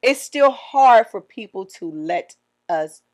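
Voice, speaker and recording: A woman's voice: fairly high pitch, expressive, slow pace, a little mellow. Woman in her 40s on a podcast, earnest and thoughtful, lots of restarts. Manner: earnest, reflective, starts with stammered restarts. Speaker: podcast co-host. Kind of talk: casual chat.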